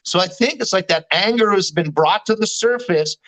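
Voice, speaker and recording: A man's voice: high-pitched, normal speed, a bit bright, rough recording. A man, talking candidly in a casual chat, slangy and swearing freely. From Canada. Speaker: guest. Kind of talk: casual chat recounting a dream.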